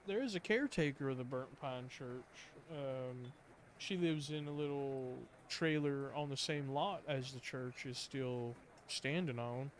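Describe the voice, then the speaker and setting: A man's voice: medium pitch, a little slow, slight background noise, natural voice. A man voicing a polite, chatty small-town rural local who rambles with folksy hesitations.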